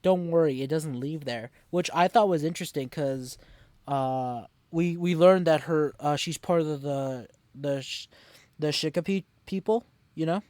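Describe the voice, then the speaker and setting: A man's voice: a little high, a little slow, a little mellow, no room sound. A man co-hosting a casual podcast, recapping an episode with many fillers and restarts. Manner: rambling, lots of fillers and restarts. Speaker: podcast co-host.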